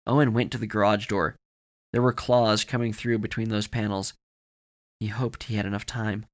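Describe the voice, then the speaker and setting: A man reading a horror story aloud with a somewhat low voice. His delivery is dramatic and shifts with the action. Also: flat delivery, moderate pace. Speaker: podcast narrator.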